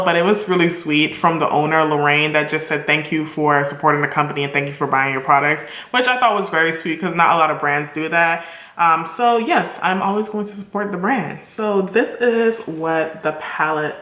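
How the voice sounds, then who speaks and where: A woman's voice: lowish voice, bright, forceful tone. A woman chatting enthusiastically to her viewers while doing a makeup tutorial, speaking to them directly. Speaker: beauty vlogger. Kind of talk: casual makeup tutorial chat. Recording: echoey room.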